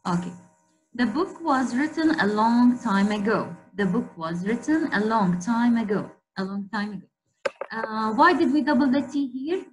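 A woman's voice: a little high, moderate pace, soft background music, poor audio. A woman teacher leading an online spelling lesson for girls, repeating each word and quizzing the class.

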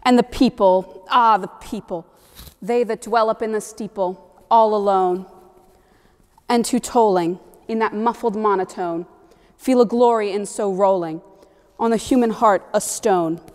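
A woman giving a solemn, steady poetry recitation as a stage performer. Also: medium pitch, measured pace. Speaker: student performer. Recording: long reverb of a hall.

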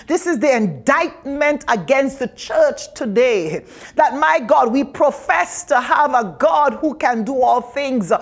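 A woman pastor with a Tobagonian accent preaching an impassioned sermon, often rising to shouts. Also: sits high.

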